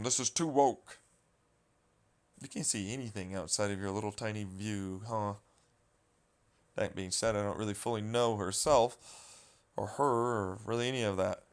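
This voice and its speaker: A man's voice: lowish voice, clean tone. A man vlogging a rambling, profane, exasperated commentary rant.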